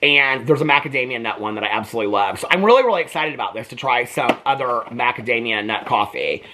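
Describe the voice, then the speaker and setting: A man from Indiana casually vlogging as he unboxes mail, gushing with excitement and breaking into asides while reading aloud. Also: noisy background. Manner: gushing and excitable, voice jumps high when delighted; reads aloud haltingly with asides.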